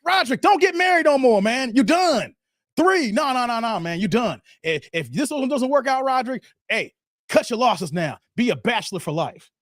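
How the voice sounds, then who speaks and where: A man in his forties hosting a live reaction stream, animated and laughing, shouting out viewers by name. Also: very high-pitched, normal speed, dry recording, clean studio sound. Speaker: livestream host.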